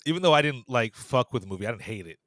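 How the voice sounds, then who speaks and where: A man co-hosting a casual film podcast, relaxed and agreeable, swearing and tripping over his words. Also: mid-range voice, rapid-fire, no echo. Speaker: podcast co-host.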